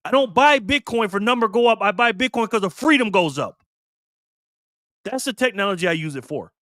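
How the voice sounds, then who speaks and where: A man in his fifties talks straight to his audience in a high, tense, driving voice. He rants with heat and plenty of profanity, punching each point hard. The sound is dry and close, with no room around it. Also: expressive, fairly quick, pushed and bright, dry recording. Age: 50s. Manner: heated, profane and emphatic, ranting. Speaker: channel host. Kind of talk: impassioned monologue to camera.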